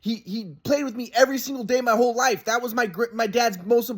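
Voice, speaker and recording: A man's voice: very high voice, a little fast. A man in a rambling, casual monologue, often restarting and repeating himself, frustrated and swearing.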